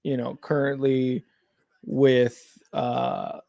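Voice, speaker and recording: Speaking extremely slowly in a mid-range, creaky, dark voice with little pitch movement, this man co-hosts a live watch-along of a game. He reacts to plays as they unfold in loose, rambling talk full of fillers and restarts, with no room sound.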